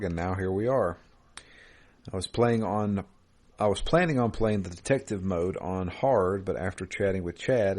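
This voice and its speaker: A man co-hosting a casual gaming podcast over a remote call, relaxed and quick to chuckle, often restarting his sentences. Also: sits low. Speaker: podcast co-host. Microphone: remote call mic.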